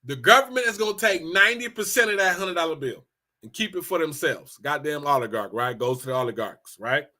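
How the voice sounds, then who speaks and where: A man from Los Angeles with a high, sharp voice holds forth in a casual rant. He is blunt and profane, and he repeats himself for emphasis. His tone is animated and forceful throughout. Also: fairly quick. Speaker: commentator.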